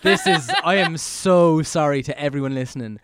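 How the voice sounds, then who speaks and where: A man's voice: on the high side, moderate pace, a crowd in the background. An Irish man casually telling a story on a podcast, rambling with many fillers and frequent laughter. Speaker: podcast co-host. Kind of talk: casual chat.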